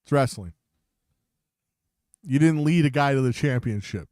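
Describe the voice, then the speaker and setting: A man's voice: mid-range voice, expressive, a little slow, darkish tone, no room sound. Man, podcast co-host, swearing, mocking, dry close sound. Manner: profane, mocking banter. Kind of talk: casual chat.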